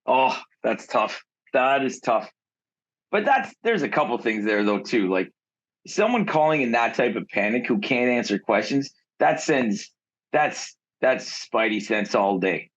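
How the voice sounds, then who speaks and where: Blunt husky-voiced man on a podcast. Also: medium pitch, big pitch swings, measured pace, highs cut off. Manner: blunt, outspoken, swears casually. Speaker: podcast co-host, realtor. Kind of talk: casual podcast chat.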